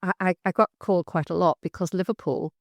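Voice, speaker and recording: A woman's voice: on the low side, quick pace, vocal fry, no echo, clean studio sound. A woman hosting a podcast, chatting in a friendly way and laughing as she shares stories. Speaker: podcast host. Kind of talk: conversational interview.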